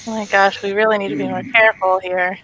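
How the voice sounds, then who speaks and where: A woman playing in a tabletop game, eager and quick to giggle. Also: medium pitch, little pitch movement, fairly bright tone, low-quality recording. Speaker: player. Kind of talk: casual tabletop play.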